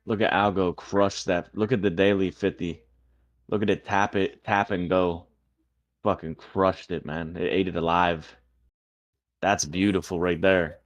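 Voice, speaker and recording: A man hosting a live trading stream, talking through charts with excited, cussing commentary. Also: low voice, unhurried, lo-fi sound. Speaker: livestream host trading. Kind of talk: casual livestream chat.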